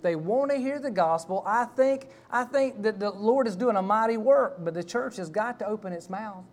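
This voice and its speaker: A middle-aged man preaches from the pulpit. His voice sits high for a man. He tells his story in a folksy, rambling way, full of restarts and asides. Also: moderate pace, few pauses. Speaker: pastor. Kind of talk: sermon with personal story.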